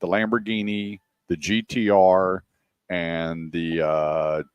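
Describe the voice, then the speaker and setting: A man's voice: low-pitched, flat delivery, slow pace, clean tone, no room sound, muffled recording. A middle-aged man in casual radio chat, telling anecdotes and acting out quoted lines. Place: radio studio.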